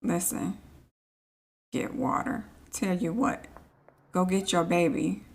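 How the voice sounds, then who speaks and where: Low, gravelly, and slow-paced, a woman's voice carries casual let's play commentary. She's a streamer in a life-sim game, teasing her characters as she chats along.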